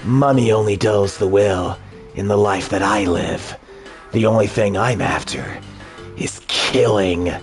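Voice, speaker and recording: A man voicing a gruff, hard-boiled male detective who speaks in clipped, grim, brooding lines. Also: lowish voice, unhurried, soft background music, voice pushed down. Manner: clipped, grim, few words.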